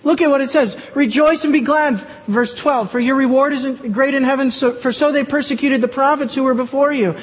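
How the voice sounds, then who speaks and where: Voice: high-pitched, steady tone, fairly quick, hardly any pauses. A Bible teacher working verse by verse, reading passages aloud and then asking rhetorical questions and answering them. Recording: dull, echoey hall recording.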